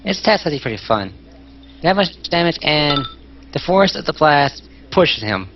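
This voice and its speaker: A man's voice: fairly high pitch, very animated, normal speed. A man playing a tabletop game, casually describing his character's actions, on a muffled recording. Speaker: player. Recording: lo-fi voice chat with faint noise.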